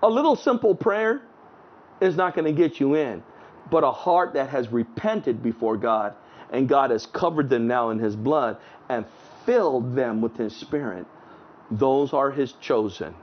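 A man preaching an online sermon outdoors, fervent, swinging between raised exclamations and hushed low tones, reading scripture aloud with emphasis. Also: animated, a little slow. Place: outdoors in front of a house at sunset. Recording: dull lo-fi recording.

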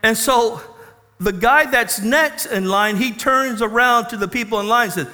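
A man preaching a sermon as a pastor, animated and questioning the congregation. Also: extremely high pitch, moderate pace. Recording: reverberant hall.

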